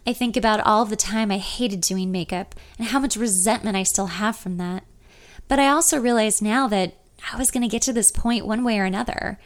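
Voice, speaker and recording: A woman narrating a first-person audiobook in a calm, reflective way. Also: medium pitch, a little fast.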